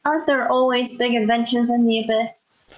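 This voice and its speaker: A woman's voice: a little high, steady tone, normal speed, rough recording. A woman playing a tabletop game, teasing in casual chat. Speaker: player.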